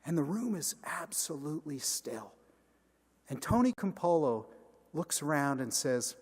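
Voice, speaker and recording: A man's voice: a little high, measured pace, breathy edge. A man in a large church, a senior pastor telling a story in his sermon and acting out each character. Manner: animated, acts out every character. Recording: long church reverb.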